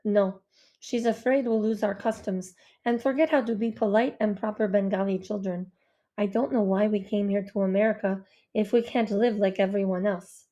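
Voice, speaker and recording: A woman's voice: mid-range voice, steady tone, normal speed, muffled recording, natural voice. Woman reading a polite boy with Indian accent. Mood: earnest. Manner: polite, earnest, soft-spoken. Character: gentle polite young Bengali boy.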